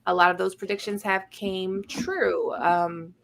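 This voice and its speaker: A woman's voice: medium pitch, steady tone, a little slow, gravelly. Woman podcast co-host, mid-range voice, blunt and profane. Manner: blunt, swears casually. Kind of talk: casual chat.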